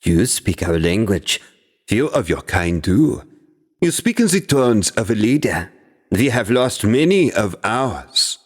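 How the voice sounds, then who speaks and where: A man's voice: lowish voice, big pitch swings, slow, breathy edge, long reverb tail, voice pushed up, heavily acted. A man doing a German-accented insect demon soldier. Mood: probing. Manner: clipped broken phrases. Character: insect-headed demon soldier, chittering, blunt.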